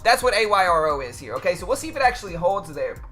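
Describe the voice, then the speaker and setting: A man's voice: high-pitched, very animated, fast, pushed and bright, faint music behind. A man hosting a live trading stream, chatting casually with viewers in a loose, slangy way. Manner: chatty and loose, talks to chat with slang like bro and dude. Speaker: livestream trading host.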